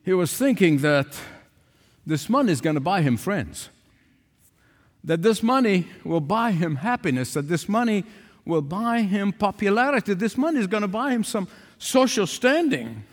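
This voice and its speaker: A man's voice: sits high, sing-song, moderate pace. An older man preaching a sermon, emphatic, repeating phrases for stress. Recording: long hall reverb.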